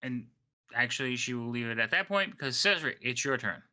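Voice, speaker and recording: A man acting as game master in an online tabletop game, explaining rules quickly and laughing often. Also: mid-range voice, animated, bright, forceful tone.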